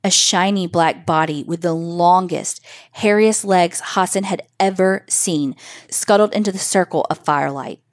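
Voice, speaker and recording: Woman storyteller, lowish voice, dry close sound, children's tale. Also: no echo. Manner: measured, expressive storytelling. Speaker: narrator. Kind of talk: reading a children's story aloud.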